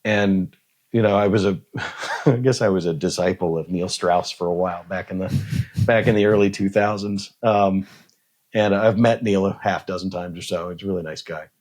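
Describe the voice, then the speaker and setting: At a moderate pace and in a deep voice, a man in his forties chats casually on a podcast. Blunt and free with swear words, he tells stories in an animated way and performs the dialogue.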